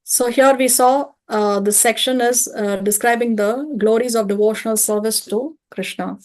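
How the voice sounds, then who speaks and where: A woman's voice: fairly high pitch, normal speed. Woman teaching a patient study class. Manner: patient, explains step by step with rhetorical checks. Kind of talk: online study-class lecture. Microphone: video call or home mic.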